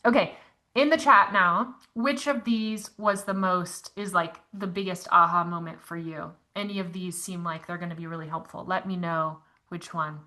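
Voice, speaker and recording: Bright-voiced woman teaching an online class. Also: on the low side, steady tone, normal speed. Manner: chatty, encouraging, reads chat comments aloud.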